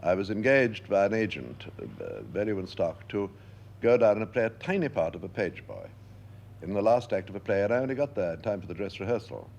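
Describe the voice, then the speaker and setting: An older man being interviewed, telling lively stories and acting out the voices he quotes. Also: fairly low pitch, brisk, highs cut off. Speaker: interviewed actor. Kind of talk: anecdotal interview talk.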